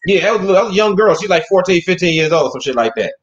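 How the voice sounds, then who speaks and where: Animated, swearing man in an echoey room. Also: sits high, quick pace, muffled recording, background noise. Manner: animated, profane, acts out other people's voices. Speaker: podcast host. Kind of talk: casual joking chat.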